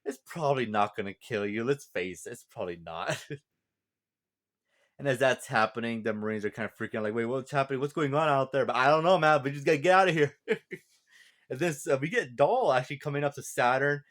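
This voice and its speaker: A man's voice: medium pitch, lively intonation, fairly quick, fairly bright tone. A man hosting a casual spoken review of a comic chapter, laid-back and chuckling often, with plenty of fillers. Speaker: manga review channel host.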